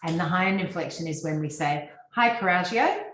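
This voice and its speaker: An Australian woman, a guest speaker on personal branding, presents to a business audience over a video call. Her low voice carries a roomy echo, with a faint hiss or hum underneath. She speaks fluently and instructively at a quick pace and a steady tone, though she says "um" often.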